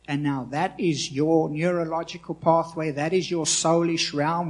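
A man in his forties preaching a sermon with passion, swinging between loud emphasis and quiet asides. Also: a little high, slightly rough. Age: 40s. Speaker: pastor.

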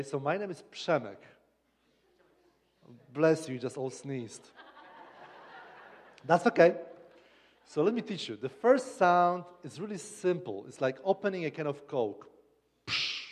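A man from Poland with a Polish accent, preaching as a guest speaker in a humorous, halting way with many restarts. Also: a little high, darkish tone, in a large hall. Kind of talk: sermon. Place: church sanctuary.

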